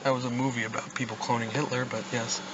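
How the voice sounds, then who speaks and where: A man chatting casually on a podcast, spinning jokes with plenty of swearing and a rambling delivery. His voice sits mid-pitch. The recording sounds dull and lo-fi. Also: level tone, fast, heavy background noise. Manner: loose, profane, rambling. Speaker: podcast co-host. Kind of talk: casual chat, telling jokes.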